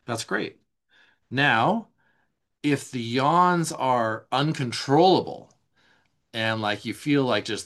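A man answering listener questions as a somatic coach in a casual teaching talk, speaking gently and slowly, with many "like" fillers. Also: mid-range voice. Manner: gentle, unhurried, many "like" fillers, slows down for soft guidance.

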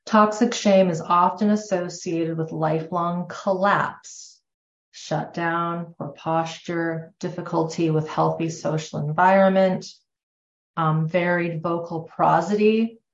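A woman's voice: lowish voice, steady tone, slow. A woman teaching a class on somatic therapy in a conversational way, correcting herself as she goes. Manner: conversational, self-correcting, acts out quoted remarks. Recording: echoey room, dull lo-fi sound.

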